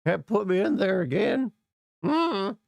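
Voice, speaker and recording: A man's voice: high-pitched, sing-song, vocal fry, no room sound, dull audio, pitched above the performer's own voice, heavily acted. A man doing a rattly ninety-year-old grump. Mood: fretful. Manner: slow, grumbling rant. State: congested.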